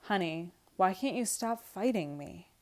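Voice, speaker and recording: A woman's voice: on the low side, a little slow, darkish tone, clear, resonant tone. A woman reading aloud the lines of a weary, patient young wife from a script. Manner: read aloud from a script, lightly acted.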